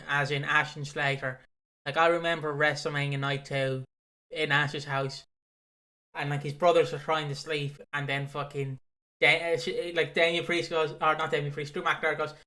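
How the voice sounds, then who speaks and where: A man's voice: a little high, normal speed. A young man co-hosting a podcast, chatting casually about wrestling, rambling and swearing a lot as he tells stories. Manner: rambling, swears often, excitable storyteller. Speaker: podcast co-host.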